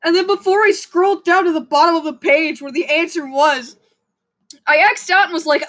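A young woman hosting her own podcast alone, ranting casually with lots of swearing and self-mockery, now and then breaking into shrill shouts. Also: moderate pace. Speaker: podcast host. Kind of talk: casual solo podcast rant.

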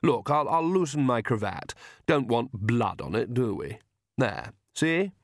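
A man voicing a polite, dandyish young male vampire who speaks smoothly with light mockery, in a read-aloud fantasy story. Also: medium pitch, very animated, a little slow, no room sound, studio quality. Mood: mocking, fussy.

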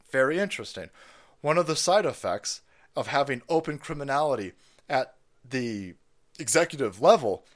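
Foul-mouthed, animated ranting man. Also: mid-range voice. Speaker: political stream host. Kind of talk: profane ranting commentary.

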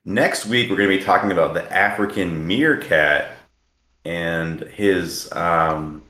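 A man's voice: sits low, takes it slowly, bright, forceful tone, echoey room. A man in his twenties co-hosting a podcast, bantering crudely and laughing often. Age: 20s. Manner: laid-back, laughs often. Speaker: podcast co-host.

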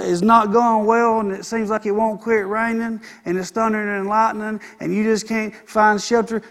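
High-voiced preacher. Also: male voice. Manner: preaching with call-and-response "Amen". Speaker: pastor. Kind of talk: sermon.

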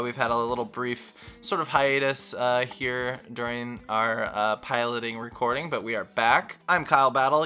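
A man's voice: medium pitch, bright, forceful tone, clear, resonant tone. A man hosting a tabletop game podcast as the game master, joking and rambling with lots of fillers. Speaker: dungeon master and host.

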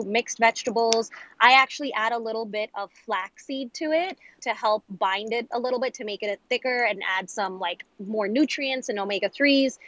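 New york lady chef on an interview, candid and chatty, kinda high voice. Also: a bit bright, no room sound, rough recording. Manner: candid, chatty, quick asides. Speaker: guest chef. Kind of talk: casual interview chat.

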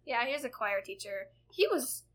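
Brief: teenage girl podcast co-host, high voice that swoops around, giggly and rambling. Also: very animated, normal speed. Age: late teens. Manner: giggly and rambling, swears freely. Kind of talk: casual chat.

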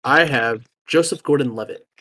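A man's voice: medium pitch, moderate pace, bright, forceful tone. A man co-hosting a casual podcast, running through the picks and asking questions between giggles. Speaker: podcast co-host running the list. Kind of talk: casual group chat.

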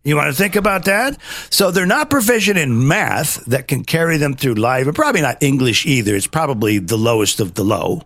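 A man's voice: mid-range voice, a little fast, no echo. A man hosting a political talk show, ranting emphatically and mockingly in casual chat. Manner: animated, mocking, emphatic rants. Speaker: host.

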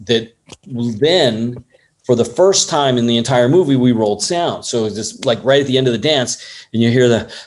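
A man who works as an assistant director, telling a lively story in an interview and acting out other people's lines along the way. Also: mid-range voice, moderate pace. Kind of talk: casual anecdote in an interview.

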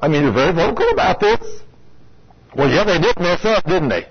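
A man's voice: a little high, sing-song, a little fast, slight background noise. A man preaching a sermon in a folksy, direct way, speaking to his congregation and acting out complainers. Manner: folksy, talks straight to the congregation, acts out complainers. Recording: lo-fi radio broadcast.

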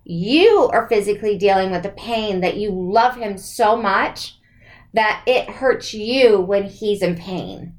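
A woman's voice: medium pitch, slow. A woman hosting a conversation, speaking in an earnest, counseling way. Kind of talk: advice-giving conversation.

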